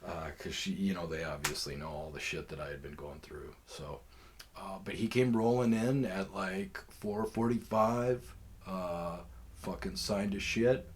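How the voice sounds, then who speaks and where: A man's voice: low voice, unhurried. A man hosting a podcast, telling a long personal story in a rambling, profane way with lots of fillers. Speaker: podcast host. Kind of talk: casual storytelling.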